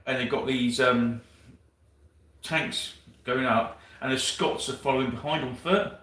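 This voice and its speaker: A man with a bright, forceful voice tells long, rambling stories in casual chat, swearing as he goes. He sounds a little far from the microphone, and the room gives his voice a noticeable echo. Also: medium pitch, steady tone, measured pace. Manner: rambling storyteller, swears freely. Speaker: co-host of a wargaming livestream. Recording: roomy sound from a distant mic.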